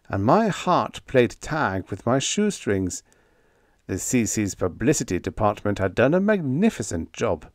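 A man narrating a humorous sci-fi short story in the first person, with an expressive storytelling delivery. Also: fairly low pitch, no room sound, clean studio sound. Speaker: audiobook narrator.

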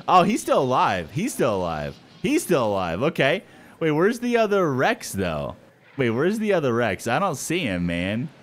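A young man giving excited let's-play commentary, swearing and exclaiming often. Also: medium pitch. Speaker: gameplay commentator.

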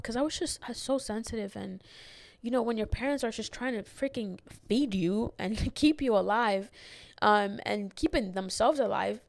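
Emotional young woman with a gravelly edge. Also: mid-range voice, a little mellow, no echo. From immigrant who moved to the United States as a child. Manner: rambling, many fillers and restarts, gets emotional. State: tearful, near crying. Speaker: podcast host. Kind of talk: personal reflective monologue.

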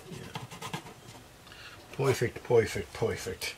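A man's voice: fairly low pitch, measured pace, very noisy. A middle-aged man working as a luthier, chatting through each step of a guitar setup in his workshop. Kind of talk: workshop demonstration to camera.

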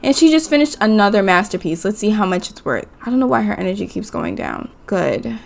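A woman's voice: mid-range voice, sing-song, a little fast, vocal fry. A young woman giving casual, chatty commentary while playing a life-sim game and talking to her characters and viewers. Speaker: gaming YouTuber.

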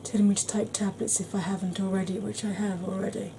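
A woman chatting gently through an ASMR makeup tutorial, calling viewers "darling". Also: mid-range voice, level tone, quick pace, noisy background. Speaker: beauty vlogger.

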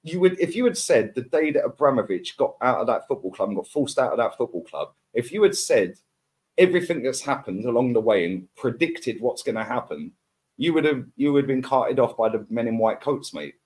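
A man's voice: mid-range voice, sing-song, brisk, a little mellow. A man, ranting as a football podcast pundit in heated casual chat, full of slang and repeated words.

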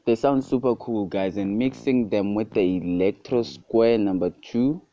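Man, deep voice, unhurried, casual tutorial narration, dull lo-fi audio, faint beat behind. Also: no echo, faint music behind. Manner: relaxed, repeats "guys" and "super cool". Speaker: music production tutorial host.

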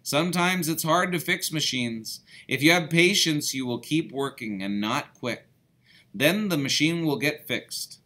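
A man voicing a kind, patient father in a children's story read aloud, explaining things calmly. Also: fairly high pitch, measured pace, pitched above the performer's own voice. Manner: calm, explaining.

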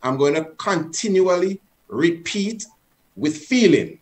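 A man's voice: high voice, expressive, takes it slowly, a little mellow. A man leading an exercise over a video call, earnest and coaxing, repeating commands with rising force. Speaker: presenter leading an online session.

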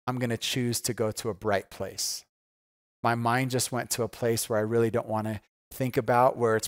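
Pastor guy preaching, chatty and earnest, mid-pitched, dry sound with no room. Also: no echo. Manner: conversational and earnest, with tag questions and repeated phrases. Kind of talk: sermon.

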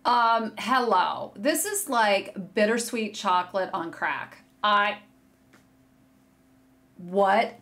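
A woman hosting a knitting video podcast from a room at home, chatting casually and gushing excitedly to viewers as she shows yarn. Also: mid-range voice, takes it slowly, hardly any pauses. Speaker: podcast host. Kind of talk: casual chat showing yarn on camera. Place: home room with a curtain behind her. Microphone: desk setup facing a monitor.

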